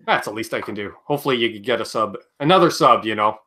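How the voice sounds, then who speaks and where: A man's voice: lowish voice, lively intonation, quick pace, sharp tone. A man hosting a casual livestream chat, joking and reading viewer comments aloud. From Canada. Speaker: livestream host.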